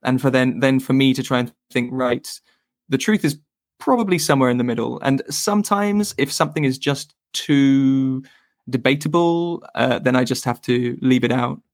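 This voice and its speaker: A man as a podcast guest, explaining his views thoughtfully with pauses and restarts. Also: mid-range voice, animated, no echo, studio quality. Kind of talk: casual interview chat.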